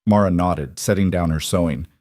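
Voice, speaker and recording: Brief: deep-voiced male narrator, measured reading, dead-dry close recording. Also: a little mellow, dry recording. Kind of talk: scripted audiobook narration.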